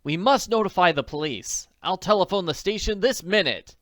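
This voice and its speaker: A man's voice: high-pitched, expressive, moderate pace, fairly bright tone, dry recording, studio quality, voice pushed up. A man reading an audiobook, voicing a brave, determined teenage girl detective in an urgent, earnest way. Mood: resolute. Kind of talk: audiobook character voice.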